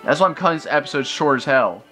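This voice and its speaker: Fast, animated and sharp-toned, a young man with a fairly high voice narrates his gameplay as a let's play gamer. He rants in exasperation, exclaiming frequently, with video game music playing.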